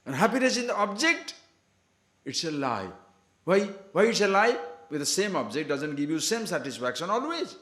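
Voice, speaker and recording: Male spiritual teacher, emphatic discourse style, animated delivery, roomy echo. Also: sits high, moderate pace. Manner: asks many rhetorical questions, emphatic. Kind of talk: scripture discourse to a class.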